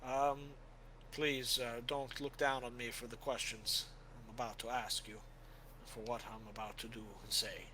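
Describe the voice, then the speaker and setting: A man's voice: mid-range voice, little pitch movement, moderate pace, pushed and bright, a little hiss or hum, lightly acted, low-quality recording. A man voicing a troubled male knight who pleads earnestly and formally in a tabletop game.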